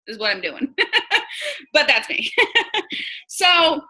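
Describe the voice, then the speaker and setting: A woman's voice: extremely high pitch, very animated, extremely slow, sharp tone, rough recording. A woman in her thirties from New York, a sales team leader coaching her team in casual, blunt talk and acting out conversations. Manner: chatty, blunt, acts out quoted dialogue.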